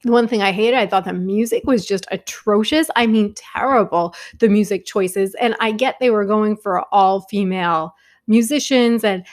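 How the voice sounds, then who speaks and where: A woman's voice: medium pitch, moderate pace. A young adult woman talking casually and enthusiastically about films she watched, with many fillers and restarts. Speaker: film vlogger. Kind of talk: casual movie review talk.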